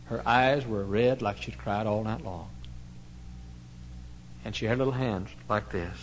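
Emotional preacher, low-voiced man. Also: measured pace, a little hiss or hum, rough recording. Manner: emotional, swings from hushed to loud. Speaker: pastor. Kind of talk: sermon storytelling.

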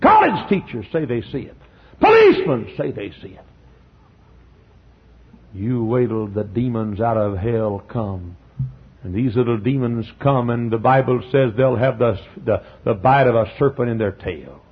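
A man delivers a fiery revival sermon in a husky, breathy voice. His pitch swoops widely as he moves from quiet warnings to shouted cries, and he clears his throat often. The recording is dull and lo-fi, like an old tape. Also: sing-song, normal speed. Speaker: preacher.

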